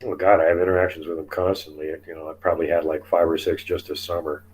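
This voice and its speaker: A man telling outdoor encounter stories in a casual interview, chatty and quick to laugh. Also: deep voice, level tone, darkish tone, husky, rough recording. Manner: chatty, laughs often, acts out quotes. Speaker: guest telling field encounters.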